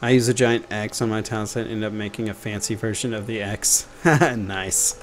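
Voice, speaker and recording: Here a young Texan man with a matching accent teaches a game development tutorial on a laid-back live stream, joking, chatting, and muttering as he goes. He speaks at normal speed in a lowish voice with fairly even intonation, over a bit of background noise.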